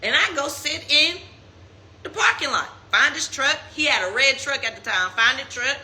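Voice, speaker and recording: This is a young woman telling a story on a phone live stream. Her voice sits a little high and very bright. She slips into a mocking high voice when she quotes people. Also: expressive, normal speed. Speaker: Instagram live host. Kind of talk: casual storytelling.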